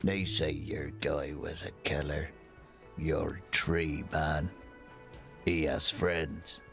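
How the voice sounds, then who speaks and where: A gruff, surly dock worker. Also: male voice, rumbling low, fairly even intonation, drawn-out words, fairly bright tone, soft background music, exaggerated voice. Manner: gruff, unenthusiastic.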